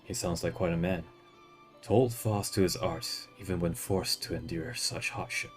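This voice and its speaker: A man's voice: low voice, normal speed, faint music behind, lightly acted. A man reading a polite adventurer hero. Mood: sympathetic. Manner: polite, formal phrasing.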